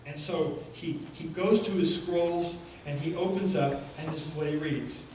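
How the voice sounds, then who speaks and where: A pastor tells a story from the pulpit in an unhurried, halting way. His voice is slightly high and sits far from the mic. A very echoey church swallows it, with a faint hum behind. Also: fairly even intonation, darkish tone. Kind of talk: sermon storytelling.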